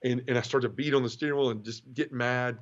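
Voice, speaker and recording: A middle-aged man tells his story of faith in an earnest, heartfelt way. He stumbles and repeats words when emotion catches him. His voice sits at an ordinary pitch and comes through a slightly dull, lo-fi recording. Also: steady tone, quick pace. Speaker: interview guest. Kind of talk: emotional personal testimony.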